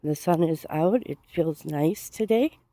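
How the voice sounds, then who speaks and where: A woman's voice: low-pitched, a little slow, no echo. A woman vlogging while walking outdoors, out of breath and with a cold, chatting in a rambling, easygoing way. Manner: chatty, rambling, laughs softly. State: has a cold. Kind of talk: casual vlog chat while walking. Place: outdoors on a sidewalk.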